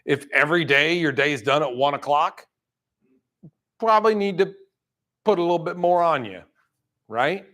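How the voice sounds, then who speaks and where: A man giving a motivational sales talk to a room, blunt and fired up, acting out people's excuses in quick asides. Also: a little high, animated, fairly bright tone. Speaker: roofing sales trainer. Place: room with an audience.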